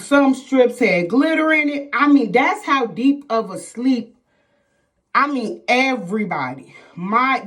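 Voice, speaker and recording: A woman's voice: medium pitch, a bit bright. A middle-aged woman vlogger telling viewers a personal story in casual chat, emphatic and repetitive, often calling them "y'all".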